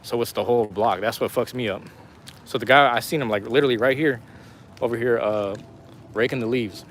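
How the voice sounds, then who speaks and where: A man talks into his phone while he walks a rainy city street on a live stream, drifting easily from thought to thought in relaxed slang. His voice sits at an ordinary pitch and sounds slightly worn. Faint street and traffic noise runs underneath. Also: a little fast. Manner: laid-back, rambling street talk with slang. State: losing his voice. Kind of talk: casual walking live stream. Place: outdoors on a city street in the rain.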